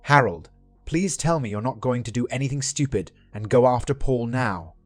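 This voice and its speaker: Brief: man voicing a wife in her forties, sharp and questioning, middle pitch, dry close read. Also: expressive, normal speed, no echo, close to an everyday voice. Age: 40s. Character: upset middle-aged wife, woman.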